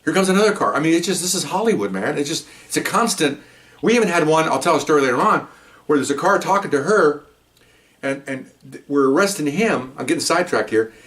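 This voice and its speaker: Fast-talking older ex-cop storyteller. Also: male voice, a little high. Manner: rambling, animated, frequent restarts and asides. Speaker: retired police officer. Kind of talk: casual anecdotal storytelling.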